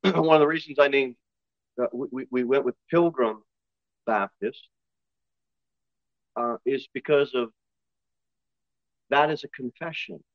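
A man with a Northern US accent, a pastor giving a sermon in a conversational style with quick asides and voiced impressions. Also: medium pitch, no echo, dull audio. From northern United States.

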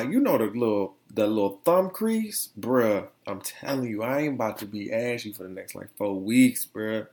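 A man's voice: on the low side, creaky, darkish tone. A young man hosting a casual solo podcast, rambling and slangy as he tells stories with plenty of animation. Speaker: podcast host.

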